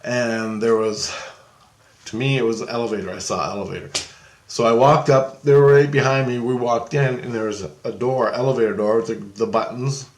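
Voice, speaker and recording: A man's voice: medium pitch, steady tone, a little fast, roomy sound. A man telling a story in a casual, rambling way. He swears, laughs often and acts out the voices of the people in it. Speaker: storyteller recounting an astral travel experience.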